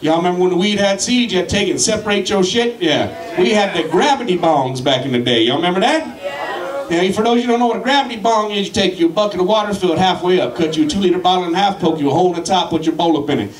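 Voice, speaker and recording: A man's voice: sits high, animated, quick pace. A man from Colorado doing a rowdy, profane stand-up comedy set. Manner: profane, rowdy, shouts at the crowd. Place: comedy club with live audience. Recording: echoey club from a distance.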